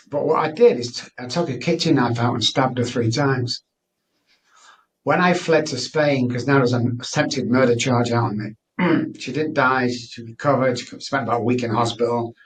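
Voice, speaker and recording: Middle-aged guy telling his story, earnest, kinda far from the mic. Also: medium pitch. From Manchester, England. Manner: earnest, candid, frequent restarts. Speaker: guest. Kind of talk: personal storytelling interview.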